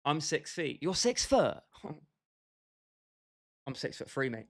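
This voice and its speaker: Young british guy streaming, joking with chat, voice a bit on the high side. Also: sing-song, slow. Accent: British English. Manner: banters with chat by name, laughs often. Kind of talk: casual livestream chat.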